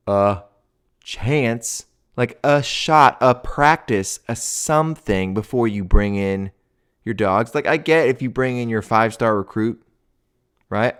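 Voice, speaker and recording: Smooth-voiced man ranting about football. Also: mid-range voice. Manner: casual, heavy with "like" and "dude", grows heated and ranting. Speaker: swim coach hosting a college football show. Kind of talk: casual sports commentary.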